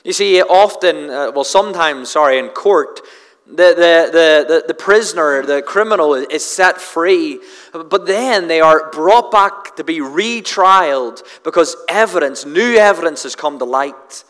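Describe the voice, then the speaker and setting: A man's voice: fairly high pitch, unhurried, fairly bright tone, in a large hall. A man preaching a sermon, earnest and emphatic, building on repeated refrains and restarting phrases as he presses a point.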